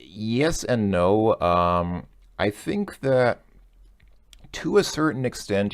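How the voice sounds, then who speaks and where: Man, deep voice, gravelly fry, tutor thinking aloud, hesitant, self-correcting. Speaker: language tutor. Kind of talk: thinking-aloud lesson walkthrough.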